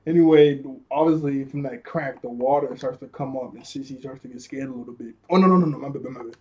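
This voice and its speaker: A man's voice: medium pitch, steady tone, brisk, mellow, slightly rough, lo-fi sound. A young man casually recapping a cartoon episode, laughing often and talking in loose slang with lots of fillers.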